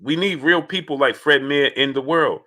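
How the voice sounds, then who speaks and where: A man hosting a casual live stream, halting with many fillers and pauses as he reads viewer messages. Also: fairly high pitch. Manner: halting, many fillers, bursts of excited yelling at a game. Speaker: live stream host reading super chats.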